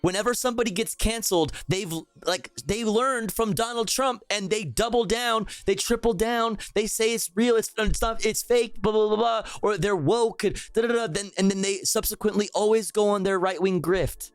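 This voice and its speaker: A man's voice: high-pitched, normal speed, hardly any pauses, smooth, no room sound, faint music behind. A young man streaming live, ranting about politics in a profane, exasperated way, with lots of repetition.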